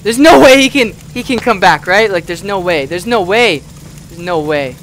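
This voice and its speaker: A man doing loud, excitable let's play commentary, swearing and yelling at the game. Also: sits high, normal speed, a little hiss or hum. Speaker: gamer. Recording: music playing underneath.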